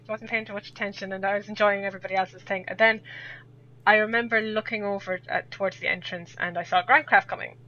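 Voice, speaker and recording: A woman's voice: medium pitch, steady tone, quick pace, pushed and bright. A young Irish woman telling a rambling story in casual chat, laughing often as a podcast guest. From Ireland. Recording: dull lo-fi audio.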